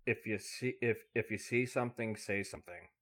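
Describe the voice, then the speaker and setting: A man's voice: lowish voice, brisk, a bit bright. A man from New York State on a casual podcast, making short, emphatic remarks.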